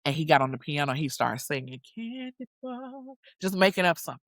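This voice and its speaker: A woman's voice: low-pitched, rapid-fire, no room sound. A woman guest telling a story in casual, slangy talk, acting out what people said. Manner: animated, slangy storyteller who acts out quotes. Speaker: guest singer-songwriter.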